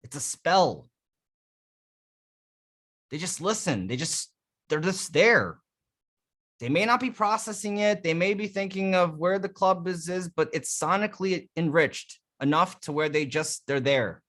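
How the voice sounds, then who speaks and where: A man's voice: high voice, lively intonation, unhurried, fairly bright tone. Emphatic male dating coach teaching voice. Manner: emphatic, conversational, demonstrates vocal techniques. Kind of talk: live coaching session on vocal delivery.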